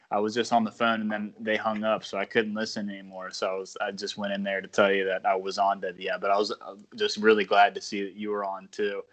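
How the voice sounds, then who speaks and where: A man with a somewhat low voice co-hosts a casual sports podcast. He rambles through stories, restarts his sentences and laughs at himself along the way. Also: fairly bright tone. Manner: rambling, self-deprecating, laughs often. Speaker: podcast co-host.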